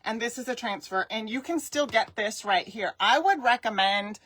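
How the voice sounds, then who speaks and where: A woman's voice: fairly high pitch, lively intonation, moderate pace, a bit bright, breathy edge, dry recording. A middle-aged woman from Southern California, chatting enthusiastically with viewers as she teaches a live crafting tutorial. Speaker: craft instructor.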